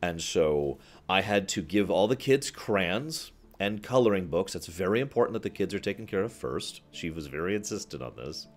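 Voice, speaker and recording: A man's voice: low-pitched, lively intonation, normal speed, hardly any pauses. A male livestream host in casual, rambling chat who answers viewer comments and often laughs at his own remarks.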